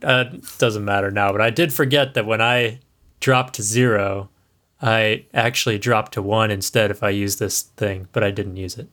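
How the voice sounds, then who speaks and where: A man's voice: on the low side, fairly even intonation, moderate pace, a bit bright. A man playing a tabletop role-playing game, joking in a dry way. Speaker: player.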